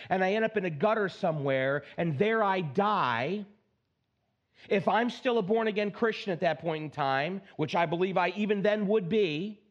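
A man preaching a sermon as pastor, emphatic, swinging from high exclaims down to low, slow stresses, with playful asides. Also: highs cut off. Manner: playful asides, mock self-talk.

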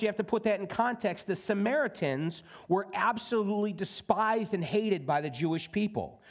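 A man preaching a sermon as pastor, in a conversational, folksy manner that acts out quoted speech. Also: high-pitched. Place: church sanctuary.

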